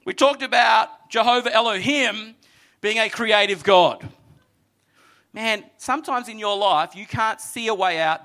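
A male pastor delivers a sermon in a high, bright voice, and his delivery is animated and lively as he acts out the characters in the story. He addresses a seated congregation, shifting between energetic retelling and quieter, earnest exhortation. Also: unhurried. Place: church hall with congregation.

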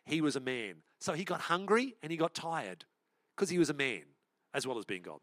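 A man preaching a sermon, telling a Bible story in a chatty, animated way with asides. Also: a little high, normal speed, no echo. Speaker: pastor.

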